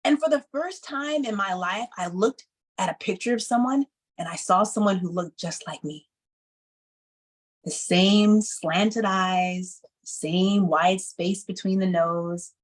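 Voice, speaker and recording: A woman in her thirties telling a personal story to an audience, acting out the people she quotes with lively emphasis. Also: mid-range voice, slow, low-quality recording. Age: 30s. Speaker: speaker.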